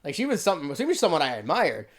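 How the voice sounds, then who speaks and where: Young dude ranting back at a video, pitch jumping all over, keeps laughing and going bro. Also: male voice, wildly swooping pitch, very fast. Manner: defensive, laughs often, says "bro" a lot. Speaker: YouTuber reacting to a video. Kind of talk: casual reaction commentary.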